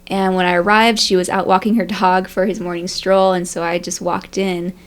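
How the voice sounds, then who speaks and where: A woman's voice: on the low side, level tone, normal speed. A young woman on a faith podcast panel, telling a heartfelt personal story in a chatty way, full of fillers and "like"s. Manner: chatty, many fillers and likes, emotional.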